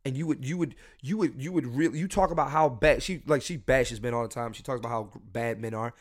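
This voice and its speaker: A young man hosting a solo podcast, blunt and swearing freely, his voice swinging between loud and quiet. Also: medium pitch, fast. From Philadelphia. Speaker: podcast host.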